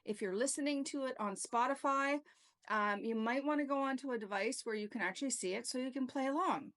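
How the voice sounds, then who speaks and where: A woman's voice: high voice, a little fast, a bit bright. A middle-aged woman reflexologist telling a story and explaining her practice in a chatty, casual way, often saying "like" and "okay?". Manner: chatty, peppers talk with "like" and "okay?". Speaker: reflexologist and yoga teacher.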